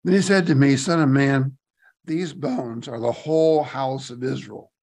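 A man's voice: medium pitch, unhurried, darkish tone. A man leading a Bible study, reading scripture aloud and commenting on it in casual asides, rising emphatically on key phrases. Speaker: Bible teacher.

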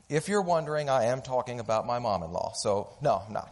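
Male speaker, animated storyteller, lively intonation at mid pitch. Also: a little fast, hardly any pauses. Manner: animated, acts out the voices of characters. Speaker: speaker telling a story to an audience. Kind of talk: storytelling talk.

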